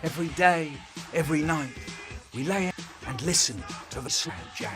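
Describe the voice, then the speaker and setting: A man telling comic anecdotes in a theatrical way, swinging from loud outbursts to mutters. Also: a little high, unhurried, over music. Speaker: storyteller. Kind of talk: comic anecdote narration, chopped and remixed.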